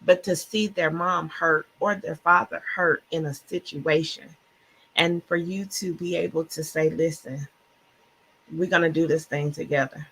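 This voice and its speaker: A woman speaks with fervent, heartfelt passion on a podcast, her voice bright and forward with a noticeable husky edge. She sometimes trips over her words, as a self-described stutterer would. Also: deep voice, fairly even intonation, unhurried. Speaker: podcast guest co-author. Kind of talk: emotional faith-filled podcast chat. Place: Clubhouse-style online audio room.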